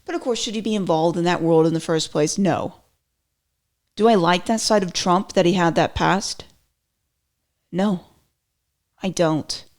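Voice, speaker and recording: A woman's voice: lowish voice, measured pace, long pauses, a little mellow. A woman hosting her own podcast, talking in a chatty, rambling way with many "like"s and playful asides. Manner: chatty, rambling, self-interrupting with lots of "like"; playful, slips into mock voices for quotes. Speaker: podcast host. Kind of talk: casual solo commentary.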